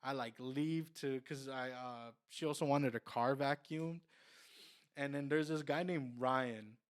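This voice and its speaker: A man's voice: mid-range voice, measured pace, smooth. A young man, a car salesman on a podcast, telling a long story casually, with lots of fillers and restarts. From Mexican heritage.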